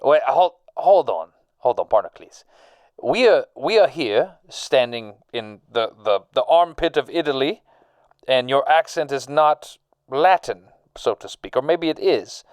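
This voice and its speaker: An excitable, bumbling 18th-century dig leader, played by a man in a comedy sketch. He stumbles and restarts, and his put-on accent keeps drifting. His voice leaps all over the place and sounds dry and close. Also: on the high side, a little slow, no room sound. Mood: flustered. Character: excitable, bumbling male excavation leader of 1748.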